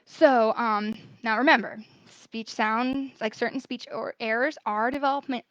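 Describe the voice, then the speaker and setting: A chatty young woman speech therapist explains things to parents in an easygoing, filler-heavy way. Her voice sits a bit high. The sound is dry and slightly dull. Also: steady tone, unhurried, a bit bright, no room sound. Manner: chatty, many fillers, self-correcting. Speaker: speech-language pathologist. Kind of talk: casual informal teaching talk.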